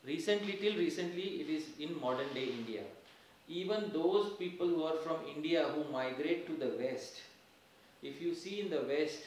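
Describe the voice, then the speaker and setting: A man's voice: mid-range voice, far from the mic, a little hiss or hum. Man lecturing in an echoey temple hall. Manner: explanatory, emphatic, repeats key phrases. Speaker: lecturer giving a class. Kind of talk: religious class lecture with Q&A.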